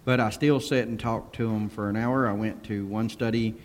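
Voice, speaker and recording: A man, a pastor, talking casually on a panel and telling stories in an animated way, acting out what people said. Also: on the low side, moderate pace, in a large hall, slight background noise. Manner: animated storyteller who acts out quotes and laughs.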